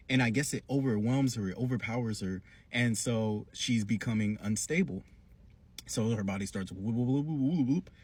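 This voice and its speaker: Brief: male reviewer, husky, slangy casual recap, lively storyteller. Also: medium pitch. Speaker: cartoon reviewer.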